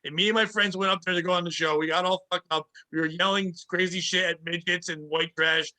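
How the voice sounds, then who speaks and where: A man with a high, bright, cutting voice rants through a rowdy comedy podcast. He swears freely and barrels through stories, acting out other people's lines as he goes. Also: fairly even intonation, fairly quick. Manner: rowdy, ranting, swears freely, acts out quotes. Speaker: podcast host. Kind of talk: casual comedy chat.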